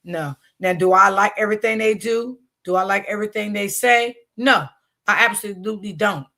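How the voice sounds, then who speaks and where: A woman's voice: mid-range voice, normal speed, gravelly, bright, forceful tone. An older woman and grandmother giving casual commentary on a stream, emphatic and repeating her points.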